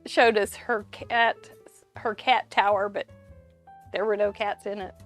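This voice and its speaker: A woman hosts a live crafting show, chatty and bubbly, greeting viewers by name and laughing often. Her voice is medium-pitched with fairly even intonation, and she speaks slowly over faint background music.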